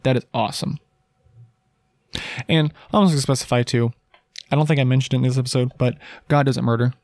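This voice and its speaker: A man's voice: medium pitch, steady tone, fast talker, pauses often, darkish tone, no echo. Earnest man preaching in a dry room. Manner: earnest, emphatic, rhetorical questions, frequent restarts. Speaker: podcast host. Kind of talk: casual Christian teaching monologue.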